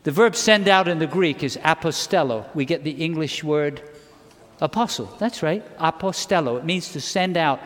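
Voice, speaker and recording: Impassioned high-voiced male preacher, echoing hall. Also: lively intonation, moderate pace, a bit bright. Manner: impassioned, emphatic, asks the congregation questions. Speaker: pastor. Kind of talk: sermon. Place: church sanctuary. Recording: reverberant hall.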